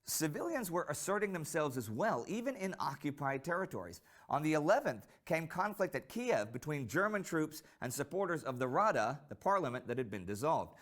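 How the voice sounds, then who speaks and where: Animated man narrating a history documentary. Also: a little high. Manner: measured storytelling delivery, rises for quoted speech.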